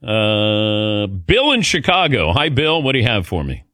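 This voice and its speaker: Lively male radio host, dry studio. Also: lowish voice, measured pace, no echo. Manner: lively, laughs often, reads ad copy. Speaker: radio sports talk host. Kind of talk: casual studio banter.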